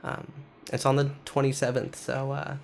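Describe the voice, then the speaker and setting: A sick man with a nasal voice co-hosting a casual podcast, joking in a dry, deadpan way. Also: mid-range voice, moderate pace, gravelly, slight background noise. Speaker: podcast co-host.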